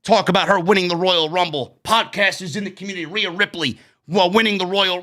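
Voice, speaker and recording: A man with a New York accent ranting loudly and profanely while reviewing a wrestling show. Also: sits high, a little fast. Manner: loud profane ranting, frequent shouting.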